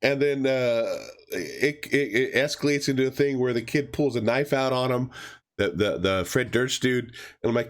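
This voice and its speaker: A man's voice: medium pitch, moderate pace. A man co-hosting a podcast, rambling casually with many fillers and restarts as he recaps a comic. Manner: acts out characters' lines in a raised voice. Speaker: podcast co-host reviewing comics. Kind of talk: casual chat.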